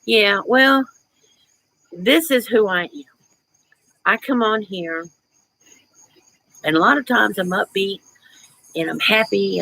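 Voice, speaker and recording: A middle-aged woman with a lowish, gravelly voice hosts a casual live chat, talking in a chatty, reflective way. She laughs often and greets viewers warmly, though the recording is rough.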